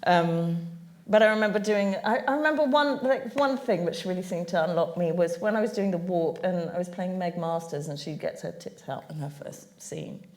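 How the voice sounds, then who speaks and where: This woman, a panel guest at a public venue, shares stories from the stage, frequently breaking into laughter. She speaks at a moderate pace in a lowish voice with a darkish tone.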